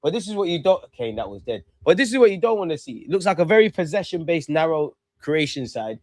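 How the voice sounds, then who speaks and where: A young man talks through a match as it happens, urging players on and cursing the referee. His voice sits a little high. The sound is dry and close, with no room around it. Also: fast talker, no room sound. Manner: excitable, talks to players and ref, swears. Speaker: football fan streamer. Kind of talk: live match watch-along commentary.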